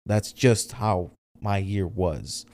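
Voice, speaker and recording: A young man hosting a solo podcast, speaking candidly in a halting, emotional way, near tears and swearing often. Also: low voice, darkish tone. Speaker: podcast host.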